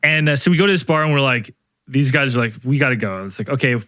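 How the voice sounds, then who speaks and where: A man's voice: medium pitch, fast, no echo, clean studio sound. A man co-hosting a podcast, retelling a night out in casual chat and acting out what people said. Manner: animated retelling, acts out quoted lines. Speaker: podcast co-host.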